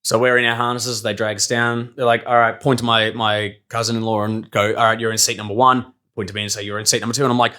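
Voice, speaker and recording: A man's voice: mid-range voice, level tone, fast, hardly any pauses, sharp tone. A young man telling stories casually on a podcast, swearing freely, laughing often and acting out what people said. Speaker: podcast guest, circus performer. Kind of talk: casual storytelling chat.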